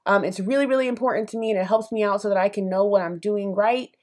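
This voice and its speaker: A young woman with a medium-pitched, a little mellow voice and fairly even intonation talks fast on her solo opinion podcast. Her delivery is emphatic and heartfelt yet conversational, packed with fillers and asides.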